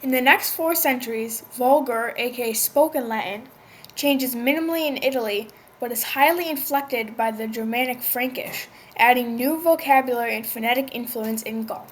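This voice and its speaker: A woman with a fairly high voice reads out a language lesson from a script. She explains step by step in an even, instructive way. Now and then she stumbles and restarts a word. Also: moderate pace, slight background noise. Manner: reads a prepared script, with small slips and restarts. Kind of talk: scripted educational narration.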